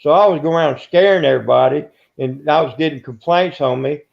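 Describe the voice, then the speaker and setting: An older man in an interview, telling rambling stories in a gruff, self-interrupting way. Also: on the high side, brisk. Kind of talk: casual storytelling. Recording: dull lo-fi recording.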